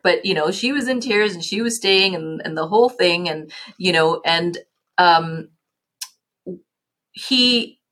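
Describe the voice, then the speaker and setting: A middle-aged Canadian woman who leads a nonprofit appears as a guest on an interview podcast, reflectively recalling stories with frequent restarts and fillers. Her lowish voice is a little slow and a bit bright.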